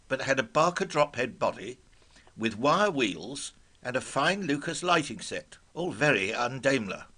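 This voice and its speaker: An older man narrates a scripted memoir with a wry, vivid touch. His voice is bright and ringing, rising and falling with lively expression. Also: medium pitch. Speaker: storyteller.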